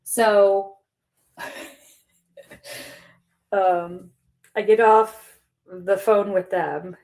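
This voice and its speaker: An older woman vlogging, chatty and animated, acting out both sides of phone calls with laughs and dropping to a near-whisper at times. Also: medium pitch, very slow. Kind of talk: casual storytelling vlog.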